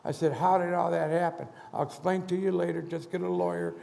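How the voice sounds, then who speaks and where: Older guy in his 70s, high gravelly voice, animated storyteller, echoey hall. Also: fairly quick. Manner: animated, acts out dialogue in quotes. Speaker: motivational speaker. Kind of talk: storytelling keynote on stage. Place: conference hall stage. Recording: large hall reverb.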